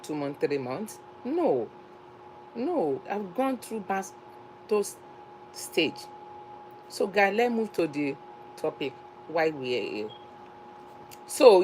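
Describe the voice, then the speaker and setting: A woman's voice: mid-range voice, a little hiss or hum, rough recording. A woman with a Nigerian accent talking to camera in a casual vlog, emphatic and repeating herself for stress. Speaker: YouTuber.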